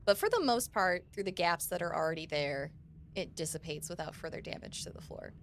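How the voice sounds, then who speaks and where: A woman's voice: fairly low pitch, expressive, fairly quick, a little hiss or hum. Woman game master narrating.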